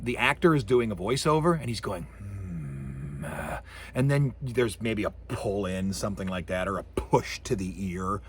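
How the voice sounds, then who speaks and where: A middle-aged communications professor's recorded college lecture on sound features his medium-pitched voice with a breathy edge. He keeps it animated and funny, imitating sound effects and voices.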